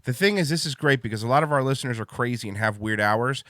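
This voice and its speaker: Excitable male stream host, loud casual chatter, cursing, dry mic. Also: medium pitch, quick pace, no echo. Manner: loud, excitable, swears freely. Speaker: livestream show host. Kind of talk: casual livestream chat.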